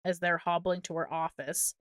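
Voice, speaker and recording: A woman co-hosting a movie podcast, recounting a film's plot in casual, exasperated, animated chat with plenty of swearing. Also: fairly low pitch, normal speed, dry recording, clean studio sound. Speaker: podcast co-host.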